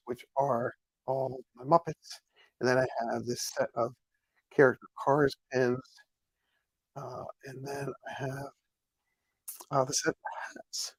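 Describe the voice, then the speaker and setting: A man's voice: medium pitch, breathy edge, no room sound, low-quality recording. A man chatting casually with viewers on a live stream while showing his pin collection and answering their comments.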